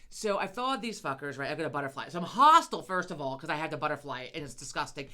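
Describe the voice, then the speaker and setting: Fast, animated middle-aged woman swearing freely. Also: low voice. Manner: profane, animated storytelling. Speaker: podcast co-host. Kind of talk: casual chat.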